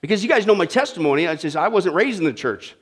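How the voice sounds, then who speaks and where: A man, a pastor, preaching a sermon in an animated, humorous way and talking straight to his audience. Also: sits high, quick pace, slightly rough.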